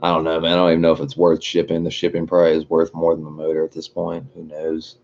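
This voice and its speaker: Young guy streaming, deep mellow voice, cusses a lot, laughs, kinda muffled audio. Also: monotone, fast talker, creaky. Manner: profane, laughing, rambling. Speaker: livestream host. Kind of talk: casual chat with live chat readers.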